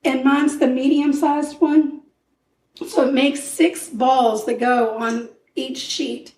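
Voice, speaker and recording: A woman's voice: sits high, steady tone, slow, a little mellow, far from the mic. A woman co-hosting a podcast, casually explaining a baking recipe while losing her voice. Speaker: podcast co-host baking on the show. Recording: echoey room, away from the mic, faint noise.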